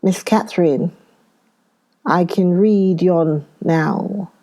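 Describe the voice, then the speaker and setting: A woman voicing an awkward young farmhand man with slow, drawling, rustic speech. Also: mid-range voice, fairly even intonation, dark tone, close to an everyday voice.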